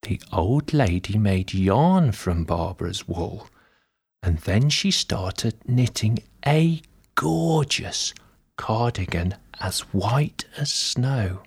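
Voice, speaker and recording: A man reading a bedtime story aloud, gentle and drawn-out, dropping now and then into soft whispered asides. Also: fairly low pitch, big pitch swings, breathy edge.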